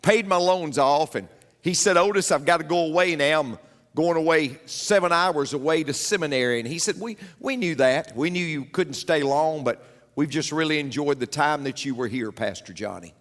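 Preacher guy, kinda high voice, repeats his lines, long echo like a big church. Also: normal speed, fairly bright tone. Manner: storytelling preacher, repeats key phrases for emphasis. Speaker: pastor. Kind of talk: sermon.

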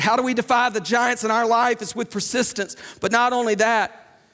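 A man's voice: very high voice, fairly even intonation, normal speed, pushed and bright. A man preaching a sermon in an emphatic, conversational way, repeating his key points. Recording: long hall reverb.

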